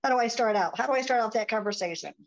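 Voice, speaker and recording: Casting: eager excited woman, rapid questions, muffled call audio. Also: on the high side. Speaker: team member. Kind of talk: casual questions on video call.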